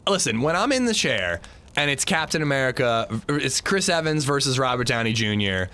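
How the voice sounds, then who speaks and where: A man's voice: medium pitch, sing-song, moderate pace, sharp tone. A man streaming a video game, chatting casually with friends in a rambling, restarting way and swearing often. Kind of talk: casual chat while gaming.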